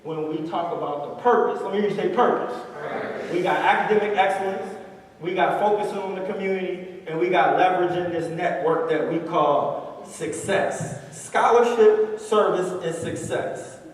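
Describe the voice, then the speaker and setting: A man gives an animated motivational talk, drawing the crowd into call-and-response. His voice sits high for a man. It is recorded from far off in a big echoing hall with a long reverb. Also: moderate pace, a little hiss or hum. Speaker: motivational speaker. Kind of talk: live talk to a student audience. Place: large hall with audience.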